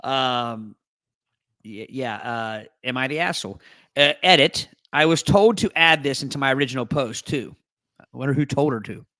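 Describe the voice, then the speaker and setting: A man's voice: mid-range voice, lively intonation, moderate pace, pushed and bright, no echo, studio quality. A man co-hosting a live podcast in a casual, joking chat, reading a forum post aloud with playful asides. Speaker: podcast co-host.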